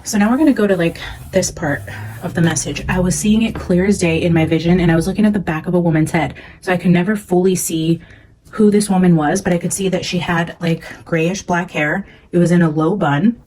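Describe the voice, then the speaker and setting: A woman's voice: on the low side, steady tone, brisk, a little mellow, a little hiss or hum, rough recording. A young woman, a psychic medium, talking casually and earnestly as she reads from her notes, rambling with many fillers.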